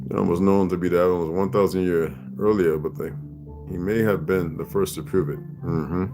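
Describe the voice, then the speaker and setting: Man, livestream host, casual rambling talk, swears, low voice, music behind. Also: steady tone, moderate pace. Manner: rambling, profane, laughs often. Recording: music playing clearly behind.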